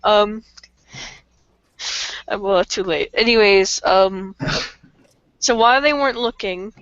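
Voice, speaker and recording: A woman's voice: mid-range voice, slow pace, a bit bright, clean tone, no echo. A young woman co-hosting a podcast, telling a childhood story in a giggly, self-mocking way with lots of fillers, over a voice call. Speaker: podcast co-host. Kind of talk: casual storytelling chat on a voice call. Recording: dull lo-fi call audio, dry.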